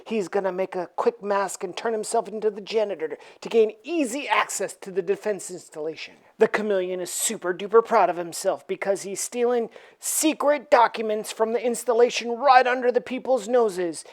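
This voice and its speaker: A woman's voice: medium pitch, normal speed, hardly any pauses, a little mellow. A woman reviewing a comic book by retelling it in a playful, jokey storytelling manner.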